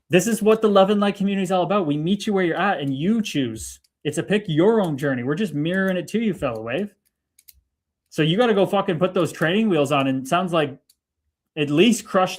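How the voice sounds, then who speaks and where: A man in his thirties chats on his own livestream and reads viewer comments aloud. His voice sits a little high, and he talks with a profane, fired-up energy that keeps turning to preachy spiritual phrases. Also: a little fast. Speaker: livestream host. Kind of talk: casual livestream chat reading comments. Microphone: streaming mic.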